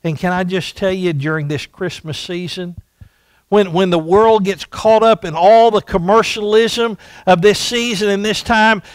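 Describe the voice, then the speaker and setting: Male pastor preaching in church. High voice, slow and emphatic delivery, dry close sound. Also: fairly even intonation, clean tone, dry recording. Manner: emphatic, repeats rhetorical questions. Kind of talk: sermon. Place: church sanctuary.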